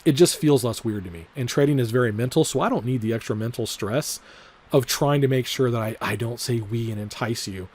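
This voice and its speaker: A male vlogger talking loosely through his trades at a middle pitch. He rambles, swears freely and leans on filler words, circling back to the same points again and again. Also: brisk, darkish tone, slightly rough. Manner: repeats his disclaimers over and over. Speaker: trading vlogger. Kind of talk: casual trading vlog commentary.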